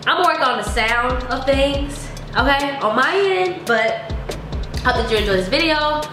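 Breathless woman vlogger, high voice, blunt and chatty, echoey room with music under her. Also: expressive, unhurried. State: short of breath. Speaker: reaction vlogger. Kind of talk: casual reaction commentary.

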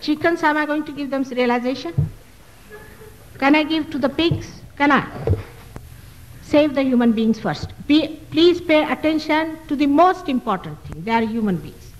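A woman's voice: sits high, animated, normal speed, big-room sound, slight background noise, poor audio. A woman, a spiritual teacher answering audience questions at a public talk, emphatic and full of rhetorical questions. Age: 60s. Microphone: loudspeaker microphone.

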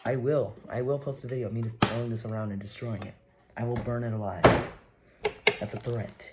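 A man chatting casually while opening trading cards, joking with mock threats and excitable reactions. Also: mid-range voice, brisk, heavy background noise. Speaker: card-opening vlogger.

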